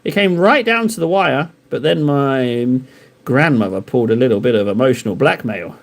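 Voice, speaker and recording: A man with a medium-pitched, expressive voice and some vocal fry streams live while painting miniatures, talking at a normal speed. He rambles and jokes in a self-deprecating way, bantering casually with his viewers.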